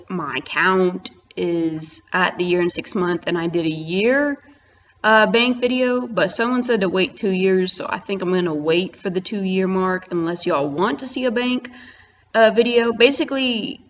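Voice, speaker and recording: A young adult woman giving casual, excitable gameplay commentary, full of slang and rambling asides. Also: mid-range voice, muffled recording. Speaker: gaming channel host.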